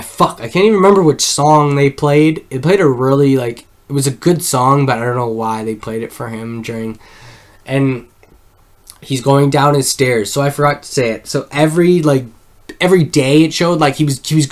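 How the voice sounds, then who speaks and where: A man retells a film scene by scene in loose, casual chat. He rambles, swears freely and fills his sentences with "like", in an ordinary mid-pitched voice. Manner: rambling, swears a lot, heavy use of "like". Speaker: film reviewer.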